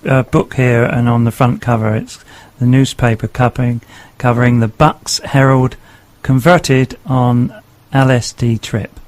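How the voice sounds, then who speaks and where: Man, radio host, mid-pitched voice, hesitant, halting questions. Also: steady tone, no echo. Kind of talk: radio interview.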